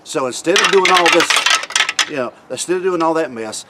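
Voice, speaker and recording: A man's voice: on the high side, lively intonation. A man giving a casual hunting demonstration in a folksy, repetitive way. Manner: folksy, repeats himself, pauses to demonstrate. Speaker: hunting video host. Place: outdoors. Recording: loud background noise outdoors.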